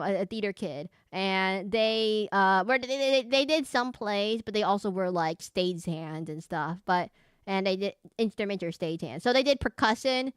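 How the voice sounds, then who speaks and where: A woman's voice: mid-range voice, fairly bright tone, clear, resonant tone, no echo, clean studio sound. A young woman streaming a game, chatting casually with a giggly, rambling manner.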